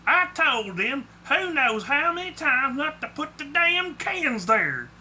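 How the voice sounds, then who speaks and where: A man voicing a sheepish male satyr with a thick Southern accent, raising his pitch. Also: big pitch swings, slow pace, sharp tone, slight background noise, full character voice. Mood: angry. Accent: American Southern.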